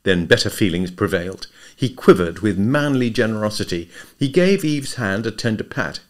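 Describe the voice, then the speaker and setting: A man narrating a comic novel as an audiobook reader, with expressive storytelling. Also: lowish voice, normal speed. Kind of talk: scripted narration.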